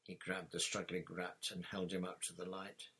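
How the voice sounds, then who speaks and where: A man reading a storybook chapter aloud as narrator in a steady, even manner. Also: deep voice, moderate pace, husky. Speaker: audiobook reader.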